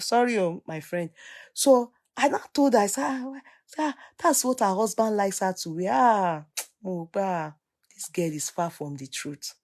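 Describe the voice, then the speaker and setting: A middle-aged Nigerian woman giving an opinionated casual rant, animated and scolding, switching between English and Yoruba. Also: medium pitch. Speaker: vlogger.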